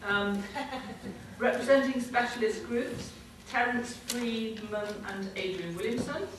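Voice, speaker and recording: A woman's voice: on the high side, slow. Woman announcing in an echoey hall. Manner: informal, loosely structured announcing. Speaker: convention host presenting awards. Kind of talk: live announcements from a stage. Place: large conference hall. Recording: echoey hall from far off, noisy.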